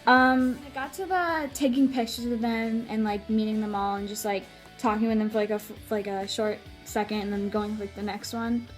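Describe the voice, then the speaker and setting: A woman's voice: mid-range voice, fairly even intonation, normal speed, hardly any pauses, soft background music. A young woman telling a story in a casual vlog, gushing and using many "like"s. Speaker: vlogger.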